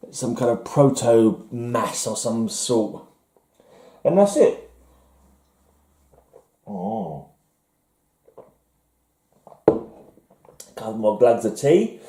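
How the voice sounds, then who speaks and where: A man's voice: mid-range voice, warm tone, roomy sound. A man casually rambling through his comic haul, musing aloud and mocking himself as he goes. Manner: musing, self-mocking, trailing off. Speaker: comic collector showing a haul.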